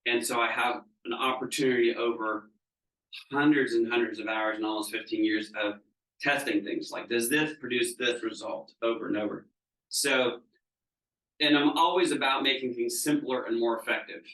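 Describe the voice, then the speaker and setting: A man's voice: medium pitch, steady tone, normal speed, sharp tone. A man leads a training session as a business coach, speaking conversationally and often checking whether the room is following. His voice sits in a middle range. He is picked up from some distance in an echoey seminar room. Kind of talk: live training talk to a group. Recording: roomy room, mic at a distance.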